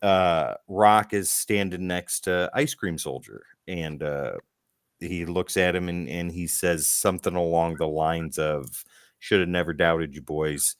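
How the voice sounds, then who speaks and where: A man's voice: deep voice, unhurried, clean tone, no echo, studio quality. A man co-hosting a casual comic-book podcast, retelling scenes with acted quotes and the occasional swear. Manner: animated storytelling, acts out quotes, swears. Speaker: podcast co-host.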